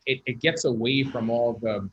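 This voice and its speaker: Man explaining dog training, mid-pitch. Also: moderate pace, lo-fi sound. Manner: animated explaining, repeats words when starting. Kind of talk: podcast interview.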